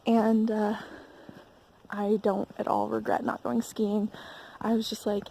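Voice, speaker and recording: This travel vlogger, a young woman from the United States, chats casually as she walks through a snowy mountain village, with plenty of fillers and laughs. Her medium-pitched voice is slow, monotone, and mellow, with vocal fry and long pauses. The rough recording carries a little hiss or hum.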